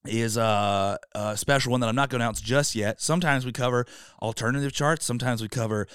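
A man's voice: mid-range voice, brisk, a bit bright, smooth, no room sound, clean studio sound. A man co-hosting a music podcast in a laid-back, joking, rambling way. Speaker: podcast co-host. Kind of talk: casual podcast chat.

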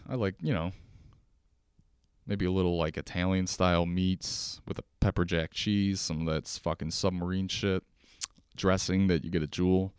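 A young man rambles through stories at his kitchen table, swearing freely and laughing as he goes. His voice sits very low and smooth, and the recording is close and dry with no room sound. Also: no echo. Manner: loose, profane, rambling with laughs. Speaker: podcast host. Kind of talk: casual solo storytelling. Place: kitchen at home.

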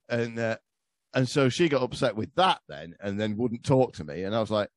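A man's voice: medium pitch, animated, brisk, no echo, clean studio sound. A man, a podcast guest telling crude, swearing stories in casual comedy chat. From England. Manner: crude, swearing, laughing storyteller.

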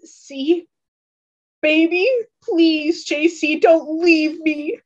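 A woman's voice: high-pitched, steady tone, moderate pace, highs cut off, pitched above the performer's own voice, natural voice. A woman voicing a desperate young man who pleads and cries out in grief. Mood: pleading.

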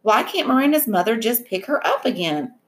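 Narrator voicing worried mom, protective, a bit higher. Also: female voice, sing-song, a little fast, slight background noise. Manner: anxious, apologetic. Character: worried middle-aged mother, protective.

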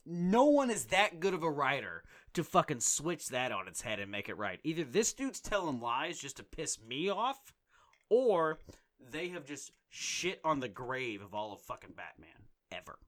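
A man's voice: mid-range voice, lively intonation, moderate pace, sharp tone. A man in casual chat, ranting angrily and swearing constantly. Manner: profane, exasperated ranting.

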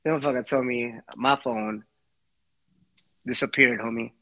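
A man's voice: mid-range voice, fairly even intonation, moderate pace, sharp tone. Rambling, swearing podcast host man. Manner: rambling, repetitive, profane. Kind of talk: casual podcast chat.

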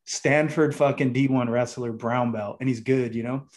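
A man's voice: mid-range voice, steady tone, normal speed. Laid-back swearing man in casual chat. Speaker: podcast co-host.

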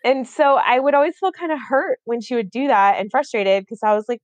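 Chatty woman with a high, dry voice. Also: lively intonation, brisk, hardly any pauses, no room sound, highs cut off. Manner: rambling, many fillers and restarts. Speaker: podcast co-host. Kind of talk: casual chat.

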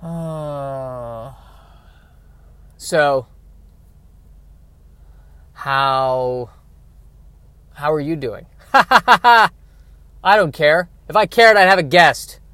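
A man's voice: fairly high pitch, drawn-out words, long pauses, fairly bright tone, clear, resonant tone, no room sound. A man hosting a solo podcast from his car, rambling in a wry, self-deprecating way. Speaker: podcast host. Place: in a car by a street.

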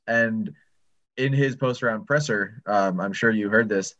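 Cohost guy, lowish voice, kinda muffled lo-fi sound, chill and analytical. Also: unhurried, fairly bright tone. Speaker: podcast co-host. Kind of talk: casual chat.

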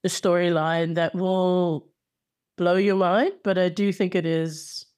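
Chatty podcast co-host woman, low-pitched. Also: steady tone, slow, a little mellow, smooth. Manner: chatty, enthusiastic, playful. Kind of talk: casual chat.

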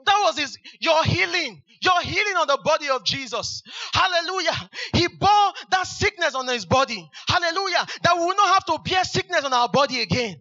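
A high, very bright male preacher, exclaiming hallelujah over and over between verses. His voice is sharp and piercing, and the recording is dull and lo-fi. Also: expressive, moderate pace, hardly any pauses. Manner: exclamatory, repeats hallelujah, fervent. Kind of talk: sermon.

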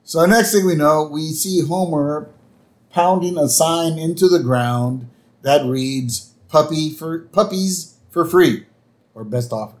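A man's voice: a little high, measured pace, a little mellow. A man co-hosting a podcast, laid-back and chatty, agreeing with lots of "yep" as he recaps an episode. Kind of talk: casual chat.

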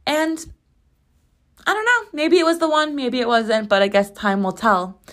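A woman's voice: sits high, moderate pace. Sarcastic young woman storyteller. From United States. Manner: animated and sarcastic, with rambling asides. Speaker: podcast host. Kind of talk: casual solo storytelling.

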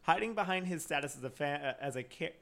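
A man's voice: a little high, animated, fast, creaky, a bit bright. A man hosting a casual podcast, reading a true crime case from notes with frequent stumbles and restarts. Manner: reads notes with stumbles and restarts, laughs often. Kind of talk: casual chat.

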